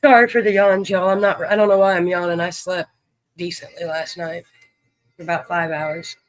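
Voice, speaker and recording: A man's voice: sits high, little pitch movement, moderate pace, dry recording, low-quality recording. A man hosting a livestream, chatting easily with viewers and greeting them by name. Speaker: livestream host. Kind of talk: casual chat with viewers.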